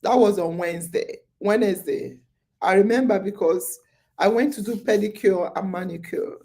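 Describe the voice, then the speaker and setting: A woman's voice: medium pitch, normal speed, mellow. A woman hosting a casual podcast chat. She sounds sleepy and tells a long story, repeating her phrases with lots of fillers. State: sleepy, yawning. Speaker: podcast host. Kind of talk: casual live-stream chat.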